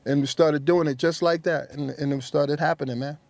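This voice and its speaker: A man being interviewed, telling an animated story in slangy, casual speech and acting out other people's voices. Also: on the high side, fairly quick, gravelly, dry recording.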